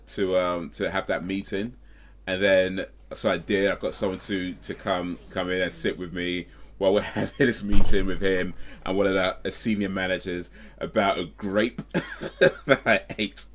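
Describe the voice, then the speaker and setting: A man's voice: deep voice, a bit bright. A man, streaming and casually telling a rambling story, often correcting himself and breaking off with asides. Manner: rambling, self-correcting, with frequent fillers and asides.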